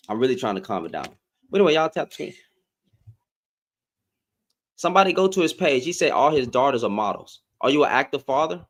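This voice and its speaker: A man's voice: medium pitch, big pitch swings, brisk, pauses often. A man speaking, hosting a livestream in a heated, confrontational, slangy rant. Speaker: live-stream host.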